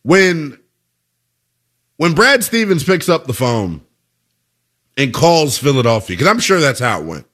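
Animated, bright-voiced sports radio host man. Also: a little high, a little slow, long pauses. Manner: animated, emphatic, conversational with rhetorical questions. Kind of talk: sports talk radio monologue.

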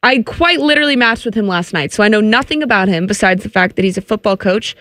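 A woman's voice: mid-range voice, expressive, fast talker, fairly bright tone, no echo, studio quality. A woman co-hosting a sports radio show, chatting and defending herself in casual banter. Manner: chatty, defensive, laughs easily.

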